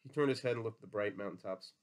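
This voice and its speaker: A man's voice: fairly low pitch, rapid-fire. A man reading a novel aloud, voicing every character himself. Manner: reads all characters himself with folksy drawl for dialogue. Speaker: audiobook reader. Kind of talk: dramatic audiobook reading.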